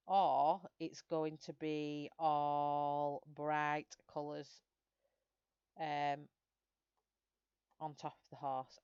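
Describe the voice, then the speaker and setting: A woman with a broad Lancashire accent from Greater Manchester chats casually on a colouring livestream, responding to viewers' comments. Her low, slightly mellow voice sounds clean with no echo, though the high frequencies are cut off.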